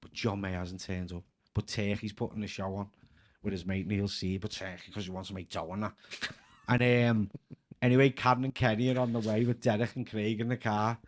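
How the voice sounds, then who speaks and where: A comedian from Liverpool, England, with a Scouse accent, tells casual anecdotes as a podcast guest in a lowish, steady voice at a fairly quick pace. He's chatty, laughs often, and leans heavily on the filler "like."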